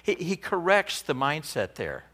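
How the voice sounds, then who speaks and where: A male pastor preaching a sermon in an animated, conversational way. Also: fairly high pitch, unhurried.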